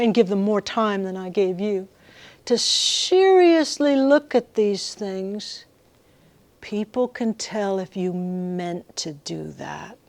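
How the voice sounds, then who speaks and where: A woman giving a workshop lecture to music students, lively and engaging the audience with questions. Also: a little high, dry recording. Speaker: guest lecturer.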